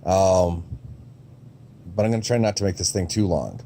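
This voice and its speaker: A man's voice: low voice, animated, normal speed, mellow, slight background noise. A man giving a casual, rambling review of movie trailers, with frequent ums and restarts and a blunt, sometimes profane way of talking.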